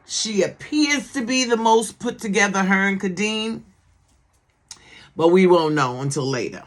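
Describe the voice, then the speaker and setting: A woman giving casual commentary on a TV series. She talks in a sassy, emphatic way, repeats words for emphasis and keeps checking in with the listener. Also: on the low side. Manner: sassy, emphatic, keeps asking "okay?" for agreement. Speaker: TV series reviewer.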